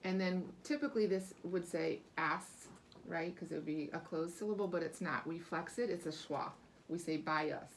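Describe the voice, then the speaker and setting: A woman's voice: on the low side, a little fast, darkish tone. Woman teaching a reading group, praising kids a lot, walks them through step by step, bit of faint noise behind. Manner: encouraging, lavish with praise; patient questioning, explains step by step. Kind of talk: small-group reading lesson.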